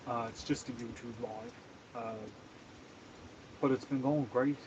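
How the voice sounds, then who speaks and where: A man's voice: medium pitch, steady tone, unhurried, muffled recording, background noise. A man from Canada chatting casually on a live stream while he cooks, laughing often and greeting viewers by name.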